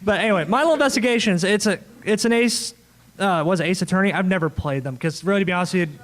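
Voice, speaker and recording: High-voiced joking panel moderator man. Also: fast talker. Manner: jokey, rambling, laughs often. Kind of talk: casual convention panel chat. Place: convention panel room.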